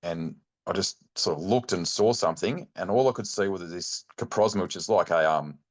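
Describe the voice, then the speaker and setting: A middle-aged Australian man telling a long hunting story in a rambling, animated way, full of fillers. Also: low-pitched, normal speed. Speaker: guest, bowhunting club chairman. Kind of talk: casual storytelling chat.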